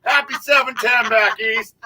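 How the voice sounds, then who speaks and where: A man co-hosting a casual livestream from his backyard, jokey and chatty, with loud bursts of mock singing. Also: very high voice, steady tone, normal speed, creaky, low-quality recording. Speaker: co-host of a livestream. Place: outdoors in a backyard. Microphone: laptop microphone.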